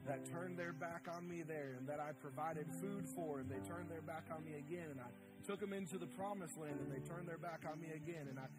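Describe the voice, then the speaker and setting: A man preaching from a church stage with a fairly high voice that climbs even higher when he gets worked up. He acts out the figures in the story with big swings in tone. A band plays clearly behind him. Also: a little fast, hardly any pauses, loud music behind the voice. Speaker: pastor. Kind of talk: sermon. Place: church sanctuary.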